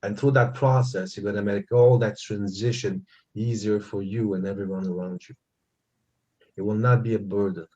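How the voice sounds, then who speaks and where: A man serving as guest medium at a church service, passing on messages in a quick, earnest, gently reassuring way. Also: on the low side, steady tone, muffled recording.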